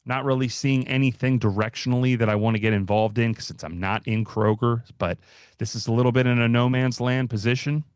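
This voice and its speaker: A man's voice: medium pitch, steady tone, brisk, clean tone, dry recording, clean studio sound. A man hosting a livestream, giving casual market commentary as he walks through stock charts, with fillers and restarts. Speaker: market analyst host.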